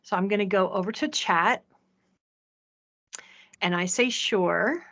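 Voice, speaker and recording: A woman presenting a software demo in a chatty way, often checking in with the audience. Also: medium pitch, measured pace. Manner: chatty, asks "right?" often. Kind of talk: live software demo talk.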